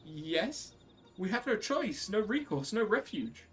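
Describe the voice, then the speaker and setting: A man's voice: big pitch swings, slow pace, a bit bright, recorded from a distance, faint music behind, full character voice. A man putting on a whiny cowering kobold. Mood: gloomy. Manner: repetitive, wailing, pleading, pitch jumping high. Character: fretful cowering kobold, male, small. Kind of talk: reading game dialogue aloud.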